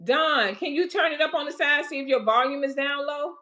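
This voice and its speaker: A woman hosting a casual livestream, chatting straight to her viewers with folksy asides and haltingly reading out health facts between comments. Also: sits high, sharp tone. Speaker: livestream host.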